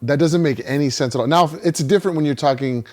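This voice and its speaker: A man's voice: fairly high pitch, fast, a little mellow. A middle-aged man who co-hosts a podcast, chatting casually in a thoughtful way and often agreeing along. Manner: reflective, frequent agreeing backchannels. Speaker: podcast co-host. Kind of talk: casual chat.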